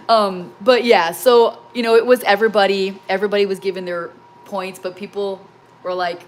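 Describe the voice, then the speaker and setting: A woman's voice: medium pitch, fairly even intonation, a little fast. A middle-aged woman chatting casually during a live cooking stream at home, telling a rambling, emotional story. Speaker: cooking livestream host. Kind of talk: casual chat while baking live.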